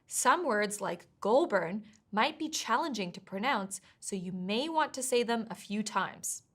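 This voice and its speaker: A woman with a fairly high voice gives scripted test prep lessons. She speaks in a clear, measured, encouraging way, walking through each tip step by step. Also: a bit bright. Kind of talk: scripted instructional narration.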